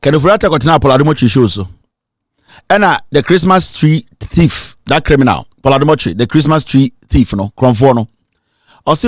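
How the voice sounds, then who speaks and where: A man's voice: mid-range voice, expressive, fast talker, dry recording, studio quality. A Ghanaian man delivering an emphatic, accusatory political rant, switching between English and Twi. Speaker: political commentator.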